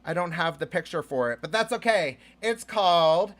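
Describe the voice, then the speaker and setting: A man's voice: on the high side, expressive, normal speed, fairly bright tone. A man hosting a live-streamed show as a drag persona, gushing and casual, with lots of fillers and swearing.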